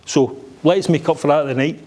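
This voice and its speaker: A man's voice: on the high side, moderate pace, darkish tone. A middle-aged Scottish man giving a joking, blunt father-of-the-bride speech at a wedding reception, swearing freely.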